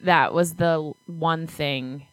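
A woman's voice: low voice, steady tone, takes it slowly, no echo. Blunt, foul-mouthed woman, dry sound. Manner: blunt, swears freely. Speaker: podcast co-host. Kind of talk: casual movie review chat.

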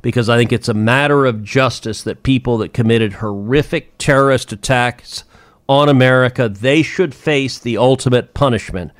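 A man's voice: mid-range voice, normal speed, dry recording. A man, a senator hosting a political podcast, talking emphatically and with indignation, repeating phrases for force.

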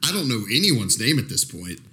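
A man co-hosting a casual movie podcast, expressive and full of restarts. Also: mid-range voice, fairly quick. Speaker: podcast co-host. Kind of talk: casual movie-review chat.

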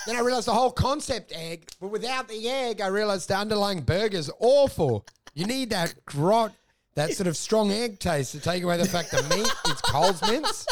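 A man with a notably high-pitched voice rambles through crude, animated stories. He talks in a loose, casual podcast manner. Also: normal speed. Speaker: podcast co-host. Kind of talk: casual comedic chat.

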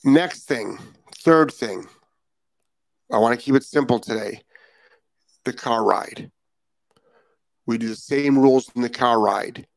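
A man's voice: mid-range voice, slow pace, long pauses, dry recording. A man hosting a live dog-training show, talking bluntly and repeating his key points for emphasis. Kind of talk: live-stream talk. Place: Florida.

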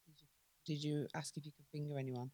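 A woman's voice: sits low, little pitch movement, quick pace, dark tone, no room sound. A woman co-hosting a podcast, tired and playfully complaining about her partner. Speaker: podcast co-host. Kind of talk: casual chat.

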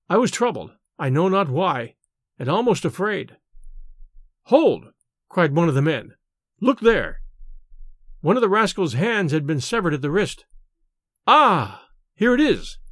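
A man reading classic stories aloud in a measured, dramatic narration. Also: high-pitched, no room sound, clean studio sound. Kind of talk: scripted story narration.

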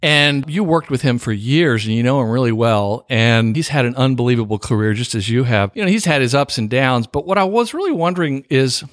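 A man hosting a book podcast in casual interview chat, chatty and quick to laugh at himself. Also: medium pitch, no echo, studio quality. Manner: chatty, laughs often, self-deprecating. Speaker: podcast host.

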